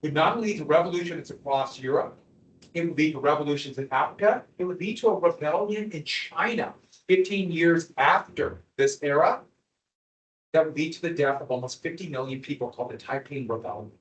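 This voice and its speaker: Lively male teacher lecturing in an echoey classroom. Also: fairly high pitch, fairly quick, far from the mic. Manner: animated, asks the class questions. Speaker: history teacher.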